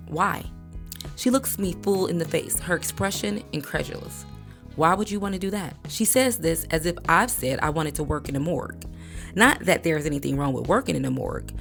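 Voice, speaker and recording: A woman reading a memoir aloud in a measured, even audiobook narration. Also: low voice, gravelly, soft background music. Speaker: book reader.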